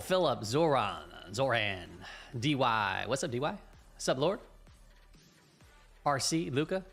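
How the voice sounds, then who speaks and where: A man's voice: mid-range voice, fairly bright tone. A man hosting a live stream, upbeat and chatty, greeting viewers by name. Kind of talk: casual live-stream chat.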